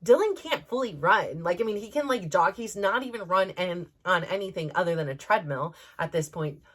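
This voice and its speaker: Chatty middle-aged mom telling a story. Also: female voice, lowish voice, moderate pace, husky. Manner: animated, rambling with many fillers and restarts. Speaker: mother and podcast host. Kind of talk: casual storytelling.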